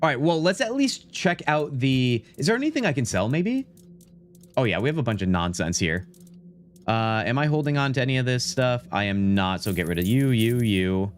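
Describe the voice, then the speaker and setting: A young man giving excitable, chatty live commentary while playing a game, often talking to his chat and saying "dude". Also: mid-range voice, normal speed, a little hiss or hum. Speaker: streamer.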